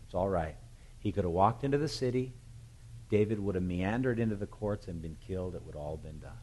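A man preaching a sermon, retelling a Bible story with animated, emphatic storytelling. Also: deep voice, slight background noise, low-quality recording. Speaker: pastor.

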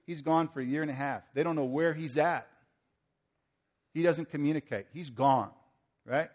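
A man preaching to a group of men, telling a story in a lively way and acting out the people in it. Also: on the high side, normal speed. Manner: animated, acts out the people in his story. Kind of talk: storytelling sermon.

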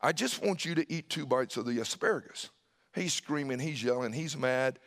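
A man's voice: medium pitch, moderate pace, a bit bright, big-room sound. A middle-aged man preaching a sermon as a pastor, telling a family story, acting out the dialogue, and sometimes dropping to a whisper.

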